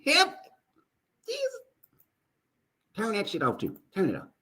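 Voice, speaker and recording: A man voicing frantic, excitable male fight-stream commentators who shriek and stammer in a panic. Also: very high voice, unhurried, husky, voice pushed up, full character voice. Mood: panicked.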